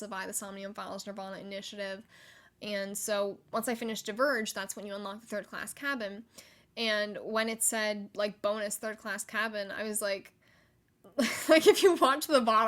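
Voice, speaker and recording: Excitable young woman podcast host. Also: mid-range voice. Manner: chatty and excitable, many likes and laughs. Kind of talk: solo gaming podcast.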